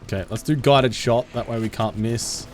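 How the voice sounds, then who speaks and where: A man with a softened Australian accent, chatting casually with his live-stream audience as he plays, laughing often and answering chat. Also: mid-range voice, steady tone, normal speed, soft background music. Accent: Australian, toned down. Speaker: game streamer.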